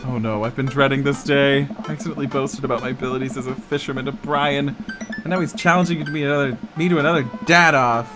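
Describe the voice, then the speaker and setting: Young male gamer, mid-pitch, casual and profane, narrating a visual novel over music. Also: fairly even intonation, fast talker. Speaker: gaming YouTuber. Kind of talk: reading a visual novel aloud with commentary.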